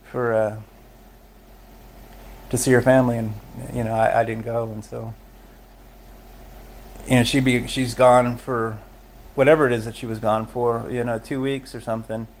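A man's voice: mid-range voice, level tone, normal speed, long pauses, slight background noise. A middle-aged man, a podcast guest, telling his own story of recovery in a candid, emotional way, often laughing as he talks. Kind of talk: personal recovery story in conversation.

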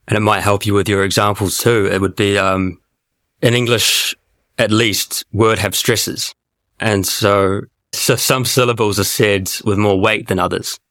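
Lowish measured man, dry sound. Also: fairly bright tone, no echo. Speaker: podcast co-host. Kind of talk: casual podcast chat.

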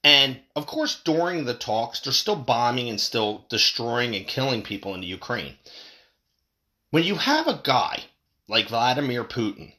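A man giving a profane, angry political rant, with big swings in pitch when he stresses a point. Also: very animated, unhurried, sharp tone. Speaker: political commentator.

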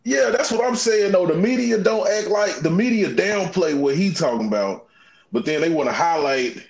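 Slangy man with a very expressive voice. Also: fairly high pitch, normal speed. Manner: rambling, slangy, keeps saying "you know what I'm saying". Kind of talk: casual chat.

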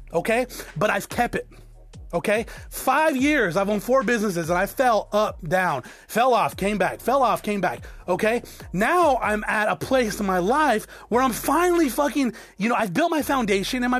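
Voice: medium pitch, lively intonation, moderate pace, a bit bright, faint music behind. A podcast host and business owner giving a blunt, profane solo monologue, often checking in with the listener by asking "okay?".

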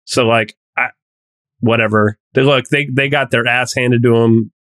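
A man's voice: mid-range voice, fairly even intonation, measured pace, a bit bright, no echo. A man in a casual podcast chat, talking in emphatic, rambling bursts full of "like". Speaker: podcast co-host.

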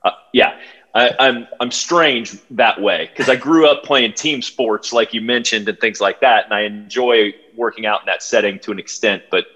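A man, a podcast guest telling a story in a halting way, full of fillers and restarts. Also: mid-range voice, sharp tone. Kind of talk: casual storytelling. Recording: dull lo-fi sound.

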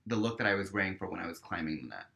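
A man, a stage performer appearing as a guest on a casual podcast, tells a story in a lowish, bright, forceful, gravelly voice at rapid-fire speed. He swears freely, says "like" constantly, and acts out the characters' dialogue with animation.

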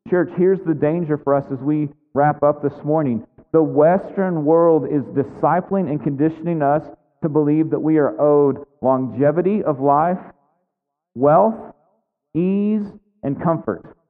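A man's voice: fairly high pitch, unhurried. A man preaching a sermon as pastor, speaking earnestly and building to fervent emphasis. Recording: phone-like sound with long hall reverb.

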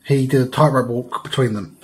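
A man from the UK co-hosting a casual pop-culture podcast on a couch, talking in halting bursts full of ums and easy laughs. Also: medium pitch, steady tone. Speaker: podcast co-host. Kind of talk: casual chat. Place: living room couch.

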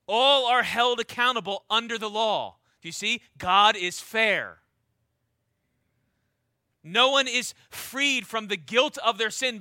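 A man delivers a sermon in a high, very bright voice. He reads scripture aloud and stretches key words for weight. The sound is close and dry, with no room echo. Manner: emphatic, slows down to stress key words. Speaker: preacher.

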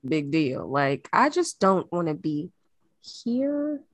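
A woman from Jamaica co-hosting a podcast in casual chat, relaxed and easygoing. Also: lowish voice, slow pace, no echo. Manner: relaxed, easygoing and laughing along. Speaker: podcast co-host.

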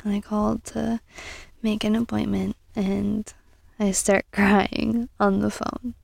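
Slow, gravelly-voiced woman podcast host. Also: mid-range voice, level tone, dry recording. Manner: earnest and encouraging, drifting into soft whispery asides. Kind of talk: casual self-help podcast monologue.

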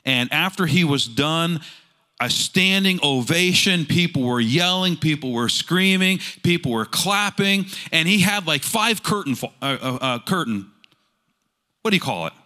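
Lively, bright-voiced male pastor preaching. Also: fairly high pitch, a little slow. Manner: animated storytelling, rhetorical questions. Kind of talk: sermon.

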